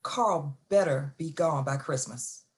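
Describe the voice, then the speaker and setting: A dry, put-upon mother muttering about her daughter's vegan boyfriend, played by a woman on stage. Her voice sits on the low side. She sounds wearily grumbling. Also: takes it slowly. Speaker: stage actor.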